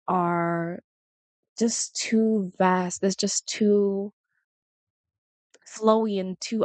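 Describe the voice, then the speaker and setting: A young woman talks casually to her viewers, wandering from thought to thought and breaking into laughter. Her voice sits low for a woman. The recording is close and dry, with no room sound. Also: a little mellow, no echo. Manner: chatty, rambling, laughs often, quotes people in voices. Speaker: vlogger. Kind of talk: casual chat to camera.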